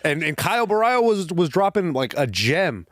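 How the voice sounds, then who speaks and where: An excitable man chats on a podcast, his voice a little high and jumping around in pitch. He often stammers and repeats words as the stories tumble out. The room is dry. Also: normal speed, no echo. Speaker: podcast co-host. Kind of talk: casual chat.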